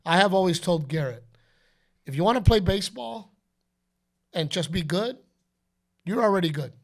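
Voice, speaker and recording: A middle-aged man with a high-sitting, gravelly voice hosts a podcast at a moderate pace. His storytelling is casual yet animated, and he acts out quotes and announcer calls.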